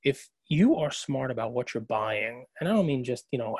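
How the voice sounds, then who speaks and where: A man's voice: medium pitch, animated, normal speed, a little mellow, no echo. A man co-hosting a podcast, telling a long story in casual chat, full of fillers and restarts. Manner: rambling, filler-heavy storytelling. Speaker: podcast co-host.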